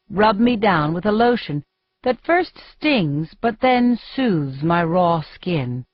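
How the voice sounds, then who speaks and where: A woman narrating an audiobook in first person, with measured, steady storytelling. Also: mid-range voice, no echo. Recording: dry, dull muffled recording.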